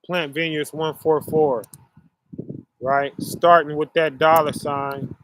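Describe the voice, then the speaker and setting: Slow-talking man chatting to viewers. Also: on the high side, flat delivery, a little hiss or hum. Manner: slow, rambling, many fillers, addresses audience as y'all. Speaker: online show host. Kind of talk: casual monologue to viewers.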